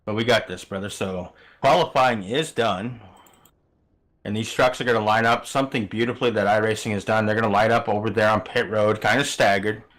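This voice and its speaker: A man's voice: lowish voice, fairly even intonation, brisk, a bit bright. A middle-aged man calling a sim racing broadcast in a chatty, easygoing way, reading out the starting grid. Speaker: race commentator.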